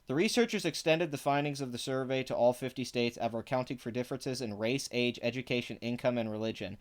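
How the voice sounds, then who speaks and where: A man's voice: mid-range voice, quick pace. Sarcastic, profane man ranting. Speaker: online commentator. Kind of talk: ranting commentary, reading an article aloud.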